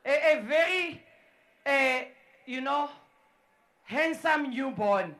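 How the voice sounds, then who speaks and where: A woman working as MC at a sports event, hyping the crowd in a loud, repetitive way and often shouting. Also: high-pitched, lively intonation, slow pace. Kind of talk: live crowd hype and welcome speeches. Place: indoor sports dome.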